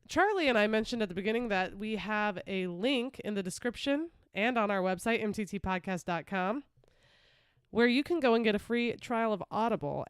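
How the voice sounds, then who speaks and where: A woman's voice: mid-range voice, clean tone, no room sound, clean studio sound. A woman co-hosting a podcast in casual, emphatic chat, laughing often. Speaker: podcast co-host.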